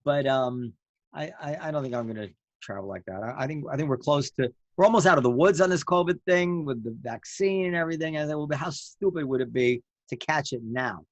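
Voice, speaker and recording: Male podcast co-host, slightly higher voice, halting chat, dry close mic. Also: dry recording, muffled recording. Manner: halting, many restarts.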